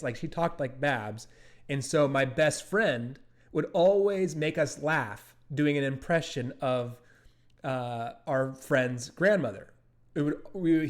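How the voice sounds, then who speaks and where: A man answers interview questions in an easygoing way, full of "um" and "like" and sentences that stop and start again. He is the guest on the show, explaining how he builds his characters, and his voice sits at an ordinary middle pitch. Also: a little mellow. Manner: rambling, with many fillers and restarts. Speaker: creator of an animated series, interview guest. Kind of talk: casual interview talk.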